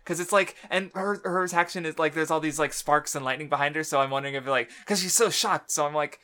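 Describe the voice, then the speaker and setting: A man's voice: on the high side, fast, sharp tone. A man in casual podcast chat about a manga, rambling with lots of fillers, laughing often and swearing now and then. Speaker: podcast co-host.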